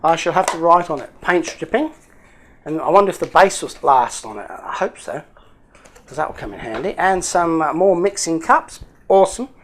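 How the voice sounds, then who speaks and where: A man hosts a YouTube hobby channel, chatty and jokey in a casual unboxing video as he thinks aloud while opening parcels. His voice is fairly high and fairly bright, with lively intonation and a moderate pace. There's a little hiss or hum in the audio.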